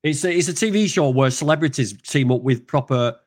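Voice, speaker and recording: An older man who drives trucks hosts a podcast over a video call, speaking briskly in a mid-range voice. He rambles, jokes and pokes fun at himself, with plenty of ums and other fillers.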